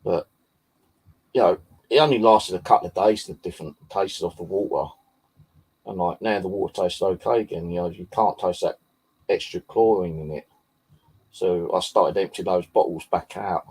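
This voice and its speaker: A man's voice: deep voice, normal speed, darkish tone, breathy edge, rough recording. A man chatting casually to camera, rambling and swearing often. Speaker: vlogger.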